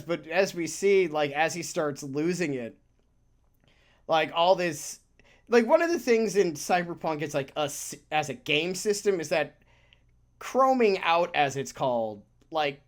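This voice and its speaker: A podcast co-host in casual chat, talking in a rambling, animated way, swearing casually and laughing often. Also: mid-range voice, a little slow.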